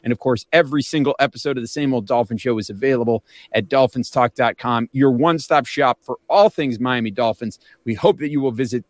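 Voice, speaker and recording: A man in his forties hosting a podcast, animated and wary, talking in quick asides. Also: mid-range voice, dry recording, clean studio sound. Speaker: podcast host. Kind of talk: casual podcast chat.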